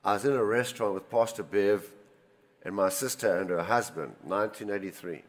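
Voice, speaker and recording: An older man preaching a sermon, telling personal stories and swinging between loud emphasis and quiet asides. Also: fairly low pitch, a little fast. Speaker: pastor. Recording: reverberant hall.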